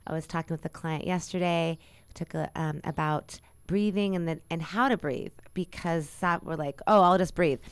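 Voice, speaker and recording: A woman's voice: low-pitched, fairly even intonation, moderate pace, clean tone, dry recording. A middle-aged woman who coaches others, talking through breathing techniques and affirmations in a soothing, guiding way. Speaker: spiritual coach. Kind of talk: casual conversation.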